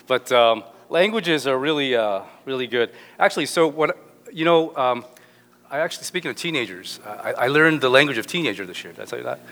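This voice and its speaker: A man's voice: a little high, animated, a little fast, sharp tone. Joking middle-aged man preaching in a hall. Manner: joking, rambling with restarts. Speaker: pastor. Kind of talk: sermon. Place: church hall. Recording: echoey hall with long reverb.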